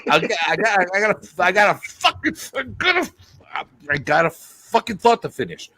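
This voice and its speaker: Husky, fired-up man ranting. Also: high voice, sing-song, normal speed, bright, forceful tone. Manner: profane, fired-up, repeats himself as he rants. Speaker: livestream host. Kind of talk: heated livestream rant.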